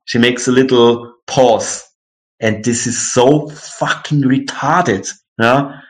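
A man's voice: mid-range voice, takes it slowly. Guy, middle-aged, venting in a casual chat, keeps restarting sentences. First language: German. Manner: indignant, ranting, many restarts and fillers. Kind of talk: casual conversation.

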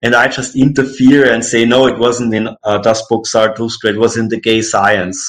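A man's voice: medium pitch, flat delivery, moderate pace, fairly bright tone. Guy, middle-aged, venting in a casual chat, keeps restarting sentences. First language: German. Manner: indignant, ranting, many restarts and fillers. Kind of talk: casual conversation.

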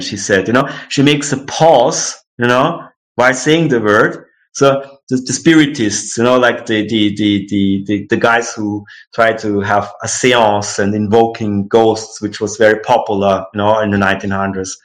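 A man's voice: on the low side, steady tone, normal speed, hardly any pauses. Indignant man ranting. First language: German. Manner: indignant, ranting, many restarts and fillers. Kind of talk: casual conversation.

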